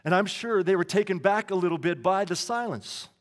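High-voiced man preaching in a reverberant hall. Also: brisk. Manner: conversational preaching with asides and restarts. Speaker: pastor. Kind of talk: sermon.

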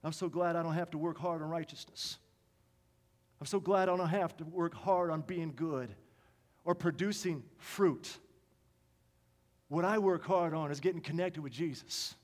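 Impassioned high-voiced male preacher. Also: normal speed, pauses often. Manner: passionate, emphatic, swings to soft quiet tones. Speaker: pastor. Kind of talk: sermon. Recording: long reverb of a large hall.

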